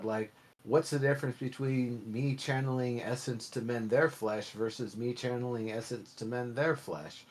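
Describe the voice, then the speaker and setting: Man, podcast co-host, mid pitch, wry animated complaining, casual. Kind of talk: casual discussion.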